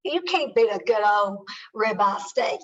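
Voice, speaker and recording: A woman's voice: mid-range voice, lively intonation, measured pace, recorded from a distance, lo-fi sound. A woman author from Kentucky, a guest in an interview, talking in a chatty, candid and fond way. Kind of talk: casual interview chat.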